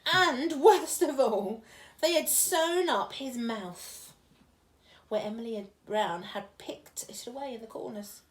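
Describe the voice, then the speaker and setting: A woman's voice: fairly high pitch, slow. A woman reading a children's picture book aloud, chatting and giggling between the lines and dropping to a whisper for suspense. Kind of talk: read-aloud with chatty asides.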